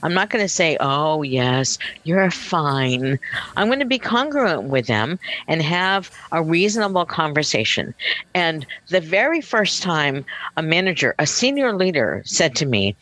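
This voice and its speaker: Blunt, lively-voiced woman telling stories. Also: lowish voice, moderate pace, low-quality recording. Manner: blunt, direct storytelling. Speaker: guest author. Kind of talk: casual podcast chat. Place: virtual coffee shop call.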